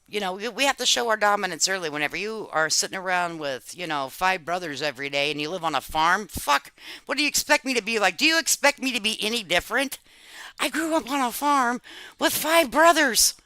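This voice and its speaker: A woman's voice: medium pitch, animated, brisk, sharp tone, dry recording. A woman hosting a live stream, chatting casually in a brash, profane, joking way and calling people honey. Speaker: live-stream commentary host.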